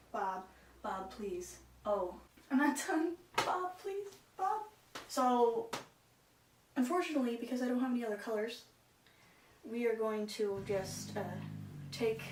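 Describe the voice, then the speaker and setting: A woman's voice: on the high side, a little mellow. A woman vlogger giving casual, self-deprecating commentary while painting along, with exasperated asides. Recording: echoey room, far from mic, noisy.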